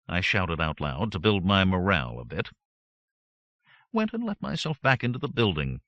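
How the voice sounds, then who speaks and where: A man narrating a first-person audiobook with wry, lively storytelling on a close studio mic. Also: deep voice, moderate pace, no echo, lo-fi sound.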